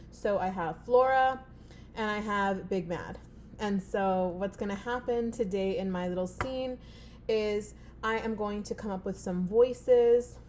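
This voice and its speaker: A woman's voice: medium pitch, darkish tone, slight background noise. Chatty woman teacher, easygoing and encouraging. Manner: chatty and encouraging, with frequent "um" fillers. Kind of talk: casual video lesson to students at home.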